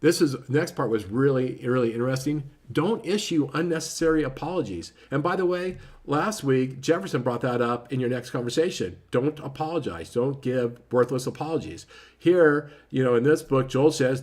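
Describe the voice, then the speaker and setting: A man talks through a book review in a loose, conversational way, restarting phrases and checking in with his listeners. His voice sits at an ordinary middle pitch and often drops quiet, and he moves along at a quick clip. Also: animated. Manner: informal, self-correcting, lots of "right?" tags; says he often speaks too quietly and too fast. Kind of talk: casual spoken book review.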